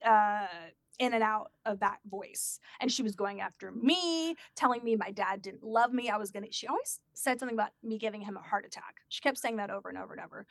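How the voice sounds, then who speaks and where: Speaking fast with hardly any pauses, this woman has a medium-pitched voice as she animatedly tells a personal story in casual conversation, performing the quoted voices of its characters. There's no echo, and the studio sound is clean.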